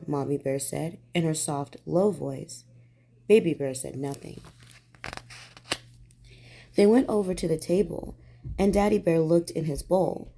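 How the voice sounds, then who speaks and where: A woman reads a bedtime story in a gentle, soothing way. Her voice is mellow and warm, set a little low. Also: a little slow.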